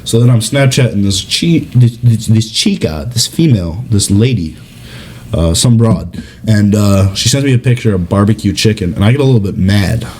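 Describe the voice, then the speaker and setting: A man in his twenties co-hosting a podcast, telling profane, animated stories in casual chat. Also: normal speed, slight background noise. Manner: profane, animated storyteller who acts out others in a high voice. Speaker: podcast co-host.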